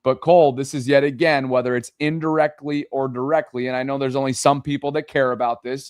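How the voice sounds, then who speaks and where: A man's voice: medium pitch, smooth, no room sound, studio quality. A man hosting a casual sports roundtable podcast, rambling and joking as he sets up the topics. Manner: rambling, joking, many restarts. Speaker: podcast host.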